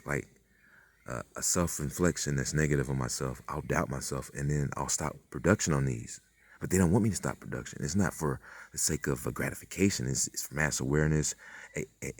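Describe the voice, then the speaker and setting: A man's voice: very deep voice, a little mellow. A man hosting his own channel, talking in a meandering, profane monologue full of fillers and acted-out quotes. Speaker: channel host. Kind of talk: rambling spiritual monologue.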